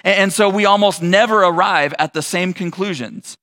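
High, bright-voiced male pastor preaching. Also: normal speed. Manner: storytelling, conversational and animated. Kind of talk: sermon.

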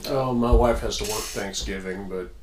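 A man's voice: lowish voice, moderate pace. Laid back podcast cohost guy, short easy replies, echoey room, bit of hiss. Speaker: podcast co-host. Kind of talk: casual chat.

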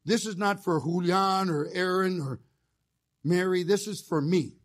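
A man preaching a fiery sermon as a chaplain, telling folksy stories with jokes and rising into shouted call-and-response. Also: high voice, unhurried. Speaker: chaplain preaching as guest speaker.

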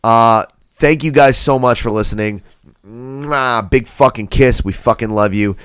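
A man's voice: medium pitch, a little slow, a bit bright, smooth, dry recording, clean studio sound. A man hosting a podcast in casual banter, laid-back and heavy on profanity. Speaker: podcast host.

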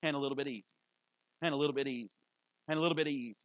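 A man preaching a sermon in a church in a folksy, conversational way, with sudden loud bursts. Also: medium pitch, fairly even intonation, rapid-fire, dry recording, low-quality recording. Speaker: pastor. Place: church sanctuary.

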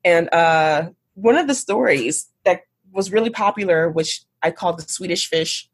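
A woman guest and author telling a story in a casual interview, animated and laughing often. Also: fairly low pitch, a little slow, husky.

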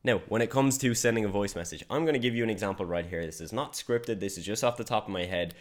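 A male business coach delivering an online lesson in a frank, conversational way. He speaks with a slightly low voice. He deliberately moves his tone up and down and leans on key words. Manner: direct, emphatic, conversational, varied tonality. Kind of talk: online course lecture.

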